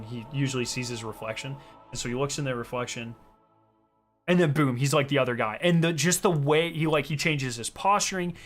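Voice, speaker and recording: A young man chatting casually with his viewers while he plays a game, rambling excitedly with lots of fillers. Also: medium pitch. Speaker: game streamer. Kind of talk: casual chat while playing.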